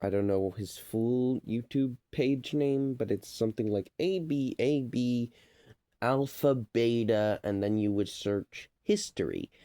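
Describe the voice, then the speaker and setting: Slow, rambling man with a low, mellow voice. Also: no echo. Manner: meandering and playful, full of fillers, dips into mock accents. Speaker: vlogger. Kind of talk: rambling casual monologue.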